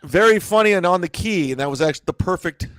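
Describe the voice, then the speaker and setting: A man's voice: high-pitched, animated, fast, fairly bright tone, dry recording. A man appearing as a comedian guest on a casual podcast, making jokey, self-mocking comebacks.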